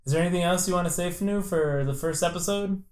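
A man's voice: sits high, fast talker. A man hosting a casual podcast chat, teasing and jokey with his co-host. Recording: roomy echo.

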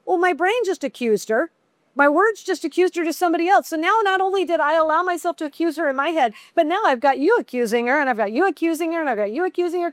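A chatty middle-aged woman leading a women's Bible study, talking to the group like friends. Her voice sits high, and the recording is dry and close with no room sound. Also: no echo. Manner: chatty, conversational, animated asides.

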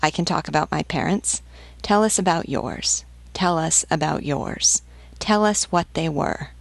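A woman doing a gruff army sergeant. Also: deep voice, unhurried, no room sound, full character voice. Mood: brusque. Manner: brusque, pressing questions. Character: gruff male army sergeant, blunt questioner.

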